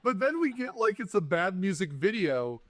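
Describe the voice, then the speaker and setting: A man with a somewhat high voice recaps a film in loose, jokey, animated bursts. His voice sits close to the mic with no room around it. It sounds like casual podcast banter. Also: moderate pace, dry recording. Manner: animated, joking, rambling recaps. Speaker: podcast co-host. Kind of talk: casual movie-review chat.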